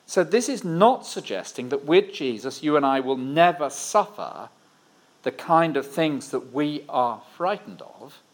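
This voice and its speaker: A man from Cornwall, preaching a sermon with wry humor and dramatic pauses. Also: on the high side, expressive. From Cornwall, England.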